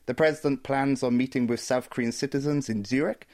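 A man briefing news stories as a staff editor, in a steady, formal manner. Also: mid-range voice, brisk.

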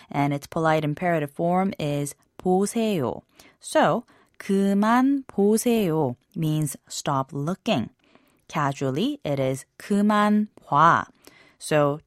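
A woman hosting a language lesson in scripted narration, explaining example phrases clearly and pronouncing them carefully. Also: sits low, dry recording, studio quality.

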